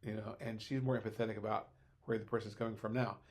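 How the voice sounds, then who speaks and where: A man's voice: on the low side, flat delivery, quick pace, a little mellow. An older man, a former teacher, speaking as a podcast guest in a thoughtful, rambling way with many hesitations. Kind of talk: conversational podcast discussion.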